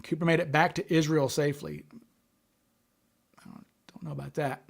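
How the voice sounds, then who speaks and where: A man's voice: a little high, fairly even intonation, moderate pace, vocal fry. Stammering man hosting a livestream. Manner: stutters, with frequent repeated words and restarts. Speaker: livestream host. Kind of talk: casual livestream chat.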